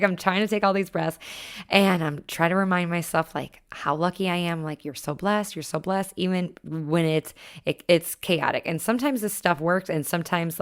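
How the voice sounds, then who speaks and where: A woman podcast host with a slightly low voice tells a personal story in a loose, conversational way. She peppers her sentences with "like" and restarts as she thinks aloud. Her delivery is candid and reflective. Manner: conversational, many filler "like"s, self-reflective. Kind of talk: casual storytelling monologue.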